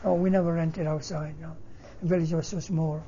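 An older man from Northern Italy, native Italian, speaking English with an Italian accent and halting, broken phrasing, telling his life story in an interview. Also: fairly high pitch, level tone, dull audio, crowd noise. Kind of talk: oral history interview.

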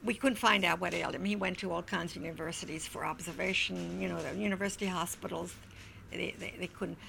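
An older woman, an interview guest, recounting memories in a reflective, halting way. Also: fairly low pitch, fairly even intonation, gravelly, pushed and bright, slight background noise. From Wilmington, Delaware, US. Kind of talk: oral history recollection.

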